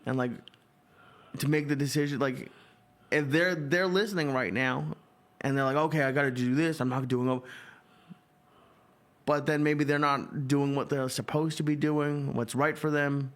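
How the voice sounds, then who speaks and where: Comedian guy, kinda soft-spoken and hesitant, voice a bit on the high side. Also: steady tone, normal speed, pauses often. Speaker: comedian guest. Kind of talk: casual chat.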